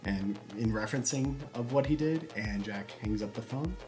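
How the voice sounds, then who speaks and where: A young man in the middle of his range rambles through a shaggy-dog joke, giggling and acting out bits of dialogue. Faint music sits behind his casual storytelling. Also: mid-range voice. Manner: rambling, giggly, acts out characters in quick snippets. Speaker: YouTube host telling a joke.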